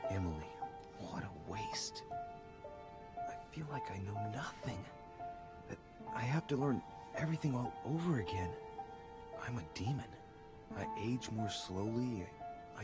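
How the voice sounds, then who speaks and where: A brooding young French nobleman, as a man acts him out talks himself through a shock in a story game. His French accent rides a lively, swinging pitch at a middle height. Soft music plays beneath him. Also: normal speed, natural voice. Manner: brooding inner monologue, self-urging. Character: young nobleman reeling from learning he is a demon. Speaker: game character. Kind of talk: video game voice acting.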